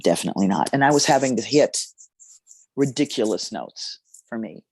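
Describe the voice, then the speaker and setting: Gravelly-voiced woman telling a story. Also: extremely low pitch, no room sound. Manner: expressive, halting with fillers. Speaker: jazz singer. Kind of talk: storytelling in an interview.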